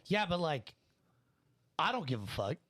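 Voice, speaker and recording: A man's voice: on the high side, sing-song, a little slow, fairly bright tone, no echo. A man co-hosting a casual podcast, laid-back, blunt and full of swearing. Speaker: podcast co-host.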